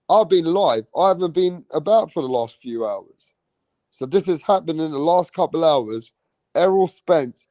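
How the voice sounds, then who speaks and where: A man hosting a casual live-stream about boxing, talking excitably and repeating himself with slang. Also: on the high side, dry recording, rough recording. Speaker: livestream boxing host.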